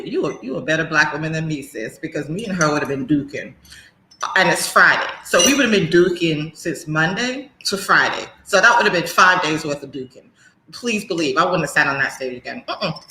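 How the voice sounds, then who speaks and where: Sassy London woman host, bright lively delivery, roomy echo. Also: mid-range voice. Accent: London English. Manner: sassy, emphatic and animated. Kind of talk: opinionated talk-show monologue.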